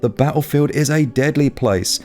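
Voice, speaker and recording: A man's voice: medium pitch, moderate pace, darkish tone, faint music behind. Upbeat man reading a game review. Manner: enthusiastic, wry asides. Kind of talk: scripted review narration.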